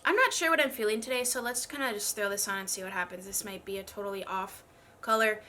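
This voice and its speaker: She's a fast talker with a mid-range voice that sounds pushed and bright, and a little hiss or hum is audible. This young beauty vlogger does a casual get-ready-with-me chat over her makeup, sounding congested and struggling slightly to speak as she rambles in a chatty, self-deprecating manner.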